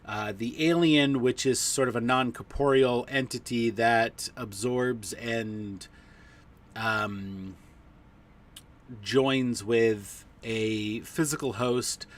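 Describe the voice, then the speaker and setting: A man running a tabletop role-playing game, joking with players and then slowly setting the scene with many fillers. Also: medium pitch, distant mic. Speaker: game master. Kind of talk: casual tabletop game chat and narration.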